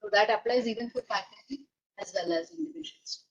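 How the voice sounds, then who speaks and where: A woman's voice: medium pitch, a little fast. Distant woman explaining, dull sound. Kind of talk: explanatory talk. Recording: dull, distant mic with faint noise.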